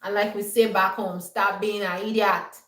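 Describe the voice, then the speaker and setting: A woman's voice: medium pitch, flat delivery, moderate pace, a bit bright, echoey room, far from the mic, rough recording. A woman vlogger giving an emphatic, scolding monologue and often checking that her viewers understand. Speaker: homestead vlogger. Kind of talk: lecturing monologue.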